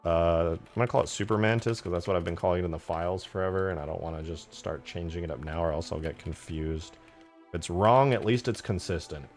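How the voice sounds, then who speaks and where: A young man chatting on a live stream from home, rambling and swearing freely as he works on a game mod and answers viewers. His voice sits on the low side, with faint music playing in the background. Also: fast talker. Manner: rambling, profane, reads chat aloud. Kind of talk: casual live-stream chat.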